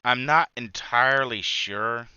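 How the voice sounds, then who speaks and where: A man's voice: medium pitch, unhurried, bright, forceful tone, clean tone, no echo, lo-fi sound. A man hosting a gaming channel, rambling through live gameplay commentary with lots of filler words and restarts.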